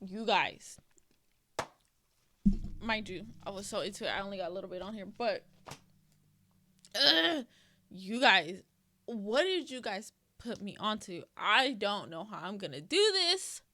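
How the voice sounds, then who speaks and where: A woman hosting a reaction channel, talking casually in an expressive, emotional way and swearing freely. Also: mid-range voice, measured pace, long pauses.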